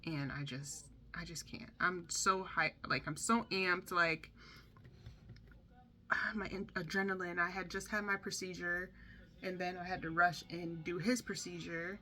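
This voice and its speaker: A young mother telling a storytime in a chatty, animated way, with a lowish but bright, forceful voice. She drops into lively impressions of the people she quotes. Faint room noise sits under her voice. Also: a little slow. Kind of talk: candid storytime vlog.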